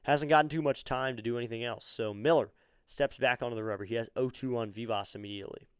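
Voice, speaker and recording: A man giving excitable live fan play-by-play of a baseball game on his stream, chatting with viewers between pitches. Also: fast, clean tone, dry recording, clean studio sound. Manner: chatty, excitable on big plays.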